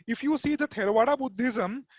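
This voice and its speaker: A man with a high voice joins a casual group discussion to add a point, listing terms with hesitant fillers. The recording is dry and dull, with a lo-fi call quality. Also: fairly quick, no room sound. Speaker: discussion participant.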